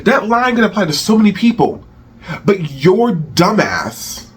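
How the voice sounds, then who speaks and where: A man's voice: high voice, big pitch swings, unhurried, slightly rough. A man hosting a rant channel, delivering heated celebrity commentary with profanity and repeated phrases.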